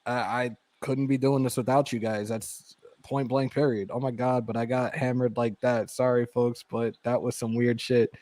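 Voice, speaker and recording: A man's voice: mid-range voice, level tone, normal speed, few pauses, a little mellow, no room sound. A congested man co-hosting a live fan stream in loose, profane, joking banter. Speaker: co-host of live fan show. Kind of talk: casual live-stream chat.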